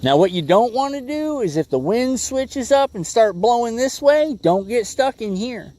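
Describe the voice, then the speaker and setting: Animated laid-back fishing livestreamer, man. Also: very high-pitched, normal speed. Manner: laid-back, says "bro" and "bud" a lot. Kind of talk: casual livestream chat while fishing. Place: outdoors on a boat on a lake.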